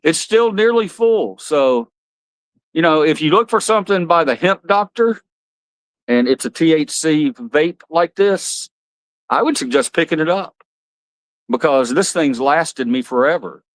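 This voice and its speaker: A man hosting a casual livestream, rambling, blunt and quick to swear. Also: fairly high pitch, lively intonation, no room sound. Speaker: livestream host.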